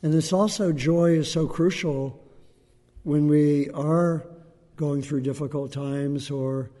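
A man giving a gentle, unhurried dharma talk to a group as a meditation teacher, pausing often. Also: a little high, fairly even intonation, long reverb tail. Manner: gentle, unhurried, with frequent pauses and fillers.

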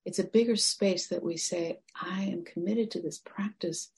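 A woman meditation teacher giving a gentle, reflective dharma talk that sometimes drops to a near-whisper. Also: lowish voice, moderate pace, breathy edge.

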